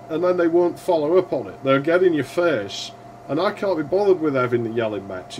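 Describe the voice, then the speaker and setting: A man casually commenting while streaming a retro game, swearing freely and yelling at the screen now and then. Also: fairly high pitch, animated, fairly quick, a little hiss or hum.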